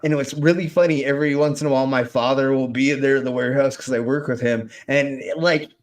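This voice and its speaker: A man's voice: medium pitch, quick pace. A man hosting a casual live stream, rambling and swearing as he tells stories. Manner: profane, rambling, animated storytelling. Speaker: host.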